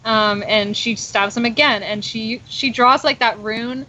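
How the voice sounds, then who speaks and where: A woman's voice: fairly high pitch, fairly even intonation, unhurried, pushed and bright. A young woman hosting a podcast, recapping a TV episode in casual chat with lots of fillers. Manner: chatty, lots of "like" and "um". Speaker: podcast host. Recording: dull lo-fi sound with faint noise.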